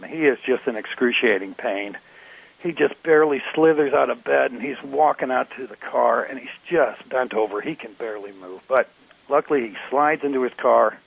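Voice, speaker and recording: A man's voice: medium pitch, vocal fry, husky. A man calling in to tell jokes, rambling and hesitant as he goes, over a tinny phone line. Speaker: caller. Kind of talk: telling jokes.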